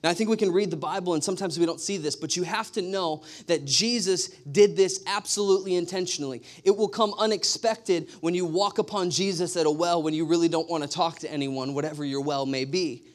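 A man with a fairly high voice delivers a sermon. He tells stories in an animated way and drives his points home with emphatic repetition. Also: brisk, hardly any pauses. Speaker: pastor.

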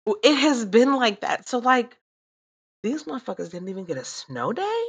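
A woman in her thirties chatting casually, animated and swearing freely as she vents and laughs. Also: a little high, moderate pace, husky. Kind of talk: casual profane chat.

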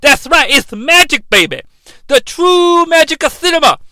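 A man doing a booming brash wrestling commentator. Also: animated, moderate pace, dry recording, full character voice. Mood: hyped, boastful. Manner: shouting catchphrases, calls people baby and daddy. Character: boisterous male wrestling-legend commentator, brash.

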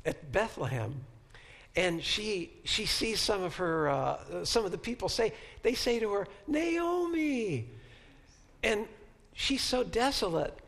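A man teaching a Bible class in a high, gravelly voice, talking slowly. He halts and repeats words while he searches for how to say things, and he often turns statements into rhetorical questions for the class. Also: expressive, a bit bright. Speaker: professor. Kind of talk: Bible lecture.

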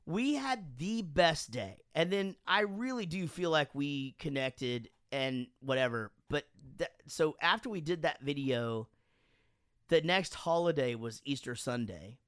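A man casually telling animated stories on a podcast, swearing freely and acting out quotes, sounding a bit drunk. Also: fairly high pitch, measured pace, clean tone, dry recording, studio quality. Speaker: podcast host and band frontman. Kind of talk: casual storytelling chat.

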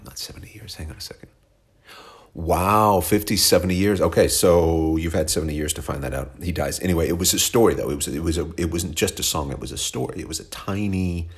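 A man's voice: low voice, gravelly. A man from Oklahoma hosting a music show, talking in a rambling, wry, self-correcting way as he introduces songs. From Oklahoma, USA. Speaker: radio show host. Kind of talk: casual monologue introducing songs.

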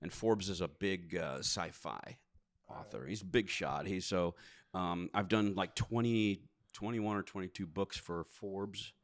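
A man who narrates audiobooks telling stories in a casual chat, animated and often laughing. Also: low voice, a little slow. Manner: animated, laughing, slips into put-on voices.

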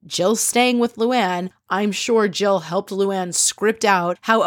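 A woman's voice: mid-range voice, slow, few pauses, no echo, clean studio sound. A woman hosting a podcast, recapping a reality TV episode in a chatty, gossipy way and quoting the people she talks about. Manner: chatty, gossipy, quotes people in animated asides. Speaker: podcast host.

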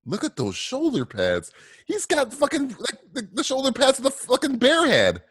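A man's voice: very high-pitched, huge pitch swings, normal speed, fairly bright tone, slightly rough, dry recording, studio quality. A man riffing sarcastically on a movie with a co-host, swearing and laughing often. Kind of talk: casual riffing movie commentary.

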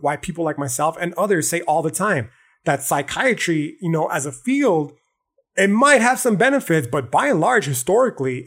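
A man's voice: fairly high pitch, husky. Man, podcast host, raised voice, swears and slangs through a casual philosophy rant. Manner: profane, slangy, animated lecturing.

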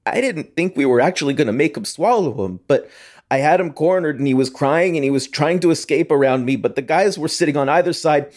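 A young actor playing a guilt-ridden, defensive teenage hockey player in a theatre monologue, rambling and constantly seeking agreement. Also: male voice, a little high, animated, fairly quick, darkish tone, lightly acted. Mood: guilty.

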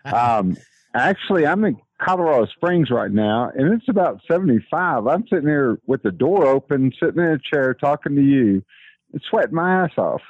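A man with a Texan accent calling into a talk show by phone, rambling and then reading his own poem in a slow, measured way. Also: medium pitch, expressive, husky, no room sound. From Texas. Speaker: caller. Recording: dull lo-fi phone line.

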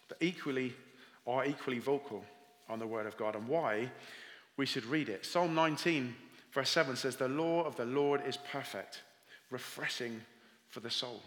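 Welsh male pastor, mid-range voice, preaching and storytelling in a reverberant hall. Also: medium pitch. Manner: warm storytelling with scripture readings. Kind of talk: sermon.

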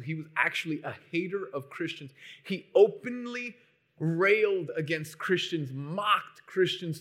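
Bright-voiced male preacher, emphatic. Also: fairly high pitch. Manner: emphatic, swings between loud and hushed. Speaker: pastor. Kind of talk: sermon.

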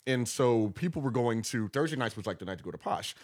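Fast-talking husky man from Texas. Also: medium pitch. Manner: animated, acts out quotes with laughter. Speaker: guest promoter. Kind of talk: casual storytelling.

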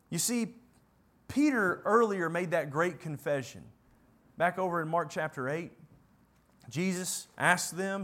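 Male preacher, higher-pitched voice, earnest sermon delivery with swells of emphasis and soft drops. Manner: earnest, swings between rising emphasis and quiet asides.

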